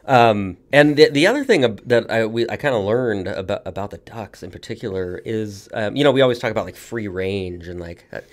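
A man's voice: on the low side, expressive, a little fast, hardly any pauses. A man with an American accent, a farmer guest talking casually on a podcast, rambling with many restarts and fillers.

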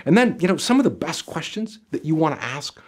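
A man giving job interview advice straight to camera as a career coach, talking in an animated, emphatic way with lots of casual fillers. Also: fairly high pitch, fairly quick. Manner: animated, emphatic, gestures with arms and body; conversational, many "you know" fillers. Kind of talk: direct-to-camera advice video.

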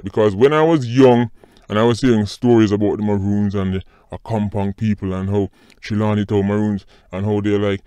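Casting: Jamaican man, low-pitched vlog host, mocking and animated, dry close sound. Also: clean tone, no echo. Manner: animated, mocking, repeats "people" and "right". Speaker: commentary channel host. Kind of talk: casual commentary vlog.

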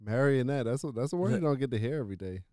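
A man co-hosting a podcast in casual, joking conversation, with quick comic back-and-forth. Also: mid-range voice, animated, mellow, dry recording, clean studio sound. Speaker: podcast co-host. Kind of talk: casual chat.

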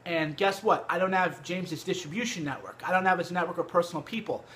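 A brash man with a high voice talks straight to camera about books, swearing freely and hitting his points hard. His tone is bright and pushy, recorded on a cheap microphone at home. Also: expressive, quick pace. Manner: brash, profane, emphatic. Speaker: vlogger. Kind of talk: casual direct-to-camera book talk. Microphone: cheap USB microphone.

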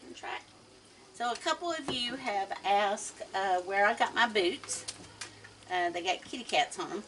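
A woman chatting casually to her viewers while feeding animals outdoors at night, coaxing them in a soft, friendly way. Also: mid-range voice, moderate pace. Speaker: animal feeder vlogger. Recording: distant mic with outdoor noise.

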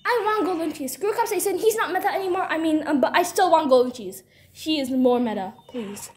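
A woman's voice: extremely high pitch, animated, a little fast, darkish tone. A young teenage girl commentating her game pulls at home, squealing, pleading and groaning at each result. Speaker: gaming video creator. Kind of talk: excited gacha-pull commentary.

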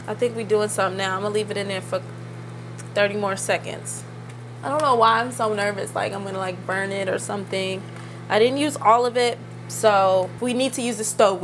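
A young woman chatting excitedly as she narrates a cooking attempt in her home kitchen. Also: medium pitch, a little hiss or hum. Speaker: vlogger. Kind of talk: casual kitchen vlog.

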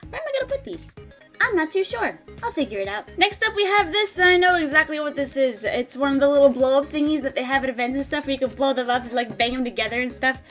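Bubbly high-voiced woman. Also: fast, soft background music. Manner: bubbly, giggly, excitable. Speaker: gaming content creator. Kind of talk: casual unboxing vlog.

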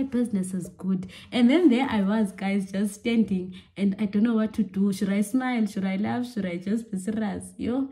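This young woman tells her story in a lively, rambling way, often repeating herself. Her voice is very dark and mellow, sitting at an everyday middle pitch. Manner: animated, chatty, lots of fillers and repeats. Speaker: vlogger. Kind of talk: casual storytime vlog.

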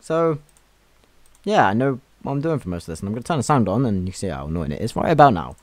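A man's voice: fairly low pitch, sing-song, fast talker, faint music behind. A young man giving crude, swear-filled gameplay commentary as a YouTube gamer, mocking the game as he plays. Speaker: gaming YouTuber.

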